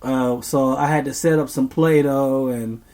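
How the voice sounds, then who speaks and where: A man's voice: mid-range voice, fairly even intonation, unhurried, dark tone. A young man, a podcast co-host, telling a meandering story in casual chat, full of ums.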